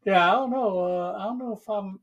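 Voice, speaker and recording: A man's voice: high voice, a little fast, highs cut off. A man co-hosting a podcast, making dry, offhand remarks in casual chat. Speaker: podcast co-host.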